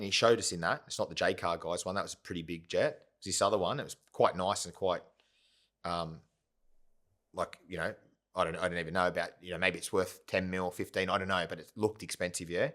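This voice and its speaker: Deep-voiced man telling stories. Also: fairly even intonation, fairly quick, a bit bright. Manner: rambling, full of "yeah?" and "right?" tags. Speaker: podcast guest, company founder. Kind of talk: casual storytelling interview.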